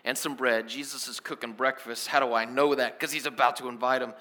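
A man preaching a sermon as a pastor, telling the story in a lively, casual way with slang. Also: mid-range voice, brisk.

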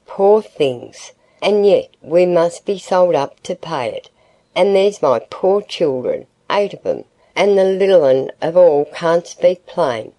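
A woman reading aloud gives us a poor farmer's wife close to tears, her low, dark voice trembling as she pleads. She stays humble and anxious throughout this old-fashioned storybook scene.

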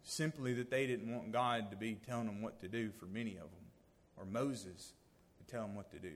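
A man giving a sermon, swinging from loud emphasis to hushed, near-whispered lines. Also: on the low side, moderate pace, long reverb tail, a little hiss or hum. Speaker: lay preacher.

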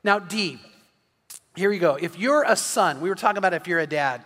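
A middle-aged male pastor delivers an earnest sermon, often stumbling over repeated words before a thought. His voice sits high and sounds bright and forward. The sound rings with the long reverb of a church hall. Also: very animated, moderate pace.

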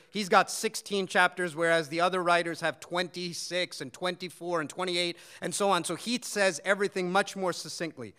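A man's voice: high voice, fairly bright tone, smooth. A man preaching an expository sermon, telling the story earnestly and asking his listeners questions. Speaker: pastor.

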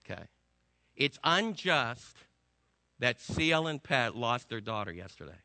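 Male pastor preaching to the room, sharp edgy voice, dry close sound, punchy storytelling. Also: medium pitch, big pitch swings, measured pace, gravelly, no echo. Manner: emphatic storytelling preacher, swinging between loud and hushed. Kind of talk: sermon.

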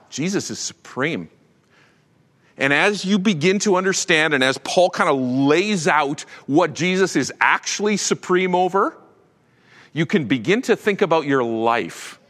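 Animated preacher man in a reverberant hall. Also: a little high, normal speed. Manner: animated, shifts from loud to hushed for emphasis. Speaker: pastor. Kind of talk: sermon.

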